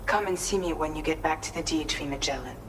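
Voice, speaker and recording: Woman doing a game medic, calm, caring, distant game audio with noise. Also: low voice, quick pace, natural voice. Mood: concerned. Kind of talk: video game dialogue.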